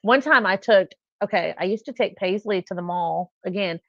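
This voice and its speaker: Middle-aged female livestream host, chatty storyteller, gravelly tone, lo-fi dry audio. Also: mid-range voice, normal speed, dry recording. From California. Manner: chatty storytelling, acts out voices in anecdotes. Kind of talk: casual chat. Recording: dull lo-fi livestream sound.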